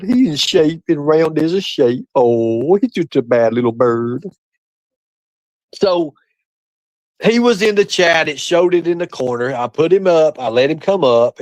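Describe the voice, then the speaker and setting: A livestream host chats casually with his viewers and a guest over a streaming setup, mocking and taunting in a profane voice. He swings from low mutters to high, excited outbursts. The recording has no echo but is low in quality.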